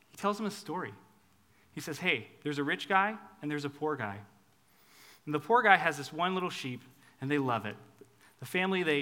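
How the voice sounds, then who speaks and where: Man, preacher, bright voice, fairly high pitch, casual lively sermon, hushed then loud.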